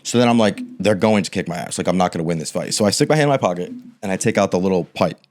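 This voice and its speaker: A man's voice: low voice, very fast, a little mellow. A young man co-hosting a podcast, telling a long story in a loose, swearing, chatty way and acting out the quotes. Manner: rambling storyteller, acts out quotes, swears casually. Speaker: podcast co-host. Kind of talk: casual storytelling chat.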